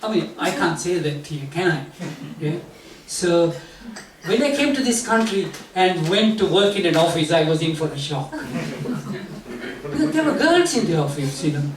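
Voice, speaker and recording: A man's voice: fairly high pitch, sing-song, moderate pace. An older man from Sri Lanka, telling self-mocking stand-up stories and building to punchlines. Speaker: comedian. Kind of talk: stand-up storytelling. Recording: roomy, distant mic, noisy venue.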